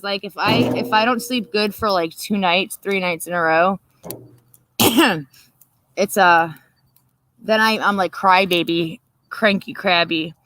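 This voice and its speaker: A woman's voice: medium pitch, a bit bright, poor audio. A woman hosting a livestream, rambling, profane and laughing as she chats. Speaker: livestream host. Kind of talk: casual late-night chat.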